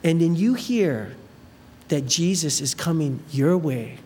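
A preacher gives an animated sermon, retelling a story with casual asides. The voice rings through a large hall with a long reverb, and faint noise sits underneath. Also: medium pitch, slow pace. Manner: animated storytelling, many fillers.

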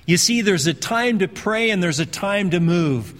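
Conversational preacher in a reverberant hall. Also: male voice, high-pitched, lively intonation, a bit bright. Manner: conversational preaching, slows down and repeats phrases for emphasis. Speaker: pastor. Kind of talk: sermon.

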